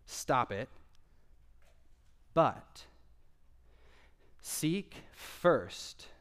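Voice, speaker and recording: Man, pastor, sermon, earnest, emphatic, medium pitch, swings from quiet to loud. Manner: earnest, emphatic preaching with wide swings in loudness; conversational asides to the congregation.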